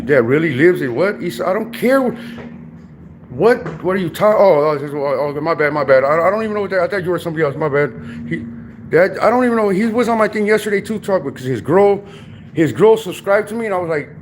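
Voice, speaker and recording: A young man hosts his own livestream, bantering casually in brash, profane, rambling street slang. His voice is high and lively and he talks fast, over poor audio with a little hiss or hum.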